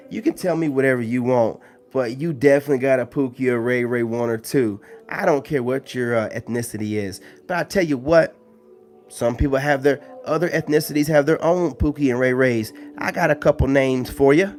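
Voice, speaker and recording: A man's voice: fairly high pitch, fairly quick, a little mellow, soft background music. Slangy, easygoing male streamer. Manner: loose, slangy, full of "you know what I'm saying" fillers. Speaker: live-stream host. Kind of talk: casual live-stream chat.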